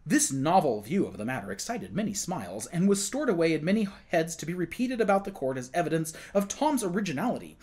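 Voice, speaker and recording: A man narrating a classic novel aloud for a children's class, in an expressive, plain reading. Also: a little high.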